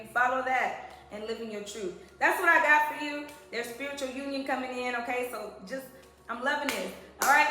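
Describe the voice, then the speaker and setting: A woman's voice: on the high side, bright, forceful tone. A woman in her thirties giving a chatty, emphatic tarot reading to her viewers. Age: 30s. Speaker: tarot reader. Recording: very echoey room.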